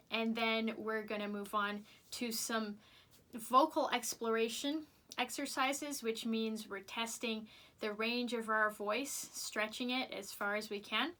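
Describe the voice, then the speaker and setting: A woman teaching vocal warm-ups to kids, upbeat and patient as she shows each exercise aloud. Her voice is very bright and sits a little high. She talks slowly, giving every instruction time to land. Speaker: music teacher.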